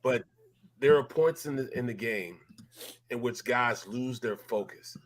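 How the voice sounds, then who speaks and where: A man's voice: mid-range voice, unhurried. A middle-aged man, a former football lineman, talking sports in a heated, emphatic way and repeating his points. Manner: fired up, emphatic, repeats himself. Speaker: former NFL lineman, guest analyst.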